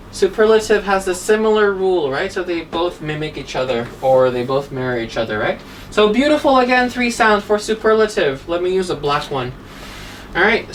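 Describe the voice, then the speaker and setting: A woman teaching an English grammar lesson, patiently spelling words letter by letter and checking in with "okay?" after nearly every line. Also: fairly low pitch. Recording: distant mic, faint room noise.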